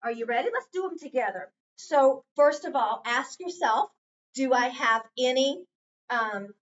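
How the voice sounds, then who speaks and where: A woman's voice: high-pitched, expressive, a little slow. A woman tutoring a child in phonics, patiently asking prompting questions one-on-one. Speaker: reading tutor. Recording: distant, dull lo-fi sound.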